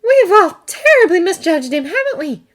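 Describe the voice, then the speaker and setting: A woman voicing an anxious, sharp female tooth fairy with wings, talking high, breathless and quick. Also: very animated. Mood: dismayed.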